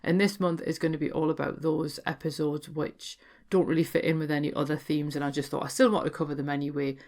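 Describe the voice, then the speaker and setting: A woman's voice: sits low, little pitch movement, fast, a little mellow. Geordie woman hosting a podcast, chatty, explains stuff as she goes. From Newcastle, North East England. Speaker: podcast host. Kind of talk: podcast monologue.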